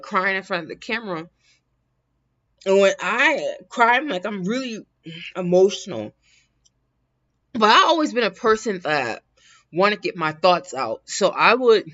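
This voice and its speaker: A woman's voice: fairly low pitch, fairly bright tone. A woman hosting a casual livestream, talking in a rambling way with frequent laughs and restarts. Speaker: livestream host. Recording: dull lo-fi sound.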